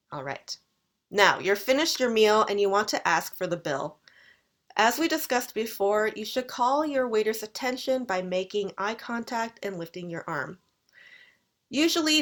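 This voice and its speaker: A young woman with a Canadian accent giving a recorded English lecture, modeling polite phrases with clear, exaggerated intonation. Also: medium pitch, lively intonation, moderate pace, a bit bright. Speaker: English teacher.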